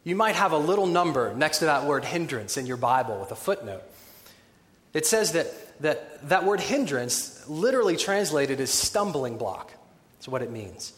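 A man preaching a sermon in a conversational, animated way, with wry humorous asides. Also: a little high, moderate pace. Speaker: pastor. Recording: echoey hall with long reverb.

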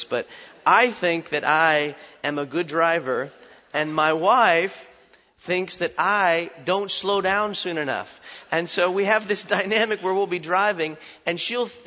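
A man preaching a sermon, animated and humorous, swinging from loud warnings to quiet, reflective asides. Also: fairly high pitch. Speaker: pastor. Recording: dull sound with long hall reverb.

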